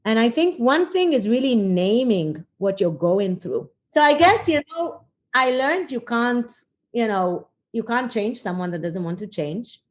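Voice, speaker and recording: A woman's voice: on the high side, animated, measured pace. A middle-aged woman, a leadership coach, telling her career story as a podcast guest in an earnest, reflective way with frequent fillers. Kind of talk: conversational interview storytelling.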